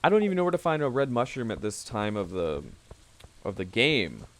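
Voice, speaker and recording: A man's voice: medium pitch, huge pitch swings, brisk, no room sound. A young man chatting casually while playing a game, rambling and trailing off mid-sentence as he tells stories from work. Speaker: gaming video creator. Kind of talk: casual gameplay commentary with storytelling.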